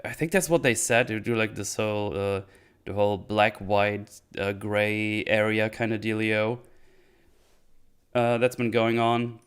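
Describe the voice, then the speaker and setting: Male streamer, low-pitched and smooth, rambling and unhurried commentary. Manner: rambling, hesitant, thinks aloud. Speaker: streamer reviewing a TV show. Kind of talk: casual livestream commentary.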